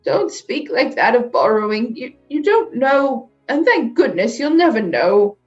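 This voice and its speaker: A woman's voice: a little high, big pitch swings, a little slow, darkish tone, dull audio, soft background music. A woman doing a fretful, tearful little mother. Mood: distraught. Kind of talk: storybook read-aloud.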